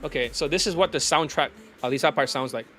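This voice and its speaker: A man's voice: on the high side, fast, over music. A man, a dating coach, ranting bluntly and profanely in a vlog monologue.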